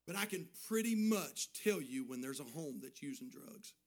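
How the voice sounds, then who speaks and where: A man preaching a sermon as pastor, swinging between loud shouted bursts and quiet, hushed storytelling. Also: on the high side, expressive, moderate pace.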